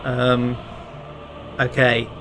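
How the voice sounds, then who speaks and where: A man playing a tabletop fantasy game, narrating his character's actions in a hesitant, halting way. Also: medium pitch, completely flat delivery, a bit bright, a little hiss or hum. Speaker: player. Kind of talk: tabletop role-play narration.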